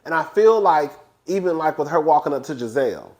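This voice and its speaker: A man reviewing a reality TV episode in casual, animated, gossipy commentary. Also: brisk. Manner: animated, gossipy, acts out quotes in high voices.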